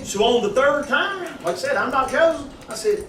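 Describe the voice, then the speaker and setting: A man telling a folksy, animated testimony at a church gathering, acting out the voices in his story. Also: very high-pitched, normal speed. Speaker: church member giving a testimony. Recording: echoey room, distant mic, audience noise.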